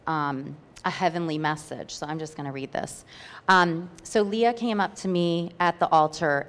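A woman's voice: low-pitched, long reverb tail. A woman reading her personal testimony aloud at a church meeting, earnest and heartfelt, with hesitant fillers. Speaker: church member sharing a testimony.

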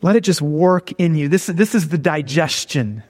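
High-voiced man preaching in a reverberant hall. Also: measured pace, darkish tone. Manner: conversational, repeats "okay?" and "all right?" to check in. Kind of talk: sermon.

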